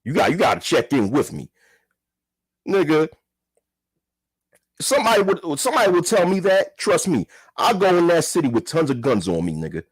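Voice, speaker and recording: A man's voice: on the high side, big pitch swings, moderate pace, pauses often, slightly rough, no echo. A man giving a heated, profane commentary rant, repeating himself and firing rhetorical questions. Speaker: commentary vlogger. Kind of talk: ranting commentary.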